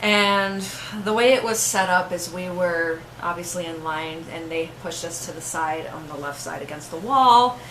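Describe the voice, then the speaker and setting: A woman's voice: fairly low pitch, normal speed, few pauses, a bit bright, roomy sound, slight background noise, low-quality recording. A woman in casual chat, telling her story in a wry, matter-of-fact way. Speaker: concert-goer.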